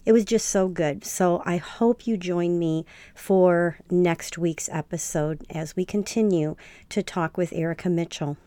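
A woman hosting a podcast, speaking in a gentle, sincere way as she wraps up an episode. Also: on the low side, measured pace, no room sound. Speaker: podcast host. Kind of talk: podcast outro narration.

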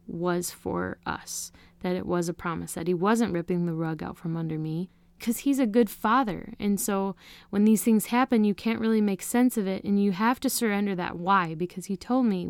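A woman's voice: medium pitch, creaky, mellow, no room sound. A woman in her thirties, a podcast guest, telling a personal faith story in an earnest, emotional way. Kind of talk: personal testimony.

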